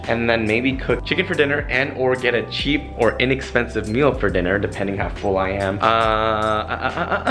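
A young man, talking casually and slangily as a vlogger while he shops and cooks. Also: on the low side. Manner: laid-back slangy talk. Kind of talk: casual vlog chat. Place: home kitchen and grocery store. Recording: lo-fi music playing under voice.

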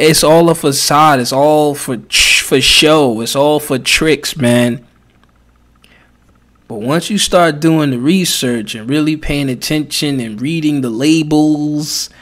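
Slow-talking man ranting casually. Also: on the high side, a bit bright. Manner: rambling and heated, with frequent restarts. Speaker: religious teacher. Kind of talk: casual spoken commentary.

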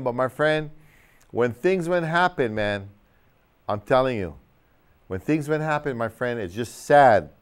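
A man preaching a TV sermon as a minister, telling a story with lots of energy and acting out the shouting crowd, and calling the listener "my friend" again and again. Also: mid-range voice, clear, resonant tone. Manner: keeps addressing the listener as my friend. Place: TV studio.

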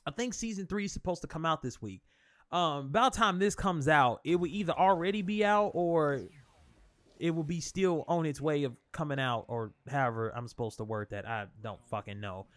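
A man's voice: fairly high pitch, moderate pace. A young man commentating his own fighting-game match, swearing a lot and talking to his opponent and viewers, easily worked up. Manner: profane, excitable, talks to his opponent and viewers. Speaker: gaming channel host. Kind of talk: live gameplay commentary.

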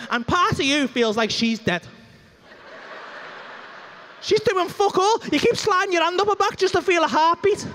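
Stand-up guy, really high voice, crude and animated, acts stuff out with moans and gasps on stage. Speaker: stand-up comedian. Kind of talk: stand-up comedy set. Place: comedy club stage.

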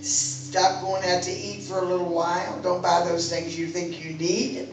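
A woman preaching a sermon in a fervent, exhorting manner, rising at times to loud calls to her listeners. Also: lowish voice, flat delivery, a little slow, background noise. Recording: very echoey room, mic far off, music behind.

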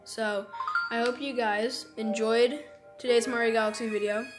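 A woman giving casual commentary over a video game, chatty and quick to exclaim and groan in frustration. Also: a little high, steady tone, rough recording. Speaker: let's play gamer. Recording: game music playing behind.

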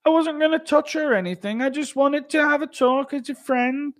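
A man's voice: very high-pitched, a little fast, pitched above the performer's own voice. A man putting on a timid, panicky young man who nervously pleads his innocence. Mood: panicked pleading.

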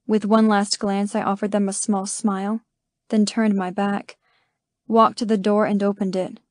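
A woman narrating a first-person romance audiobook in a soft, emotional storytelling voice. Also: mid-range voice, flat delivery, normal speed, no room sound, studio quality.

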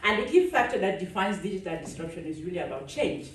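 A woman from Cameroon delivers a chatty conference keynote that draws the audience in, her lowish voice animated and fast. She's captured from a distance in a large, echoey conference hall.

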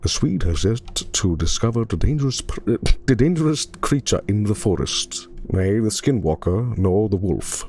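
A man putting on a gravelly documentary narrator. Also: on the low side, animated, a little mellow, a little hiss or hum, pitched below the performer's own voice. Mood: mock solemn. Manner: slow mock-serious narration.

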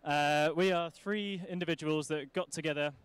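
A man giving a conference talk in a smooth, resonant voice that sits slightly high. He is chatty and jokey, with plenty of uhs between phrases. The sound is close and dry. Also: fairly even intonation, moderate pace, no room sound. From United Kingdom. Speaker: conference presenter.

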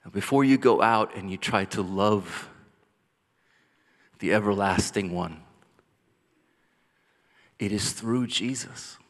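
A man's voice: fairly low pitch, slow pace, pauses often. Passionate male pastor in a reverberant church. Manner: passionate preaching, builds to loud cries then drops soft. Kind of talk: sermon. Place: church sanctuary. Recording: long church hall reverb.

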